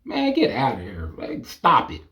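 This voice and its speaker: A young man ranting to camera in a casual, incredulous, animated monologue. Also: mid-range voice, a little slow. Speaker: vlogger.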